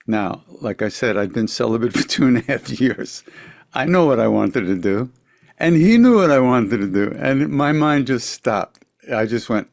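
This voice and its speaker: An older man, telling a story as a podcast guest, reflective, with quiet asides trailing off. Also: mid-range voice, animated, moderate pace, vocal fry, dry recording, studio quality. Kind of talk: storytelling in a conversation.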